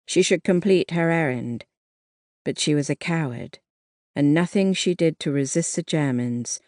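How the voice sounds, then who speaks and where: An audiobook narrator giving a measured, even reading of a historical novel. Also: medium pitch, dry recording, studio quality.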